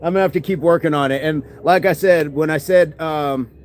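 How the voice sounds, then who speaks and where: A man's voice: a little high, a little fast, slight background noise. A man hosting a fitness livestream, chatting casually and answering viewer comments, often agreeing with "absolutely".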